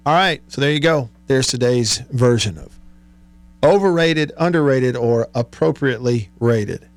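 A man's voice: medium pitch, lively intonation, unhurried. A man hosting a sports radio show in a studio, chatting casually, reading listener texts and laughing often. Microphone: studio microphone.

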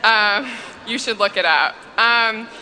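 A woman's voice: fairly high pitch, takes it slowly, pushed and bright, a little hiss or hum. A woman priest giving a humorous conference talk in a church, telling stories in a chatty way with frequent fillers. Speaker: priest and speaker. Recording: long reverb in a church.

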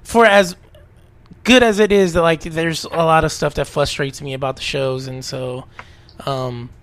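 A man co-hosting a casual podcast, rambling and animated with plenty of fillers. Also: on the high side, a little slow. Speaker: podcast co-host.

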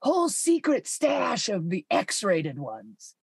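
Female comedy podcast co-host, giggly, husky and lively, dry close sound. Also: mid-range voice, slow. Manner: giggly, chimes in and echoes the other host. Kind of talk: casual comedic chat.

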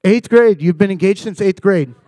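High-voiced man joking with a congregation. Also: normal speed, no room sound. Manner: animated storytelling, acting out dialogue and bantering with the audience. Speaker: guest speaker at church. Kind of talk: comedic talk to a live congregation. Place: church service.

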